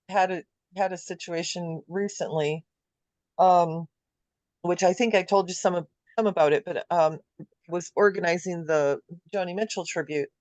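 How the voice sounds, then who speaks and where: A woman's voice: fairly low pitch, darkish tone, no echo. A woman in a casual group chat, speaking hesitantly with many fillers as she recounts a recent situation. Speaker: group participant.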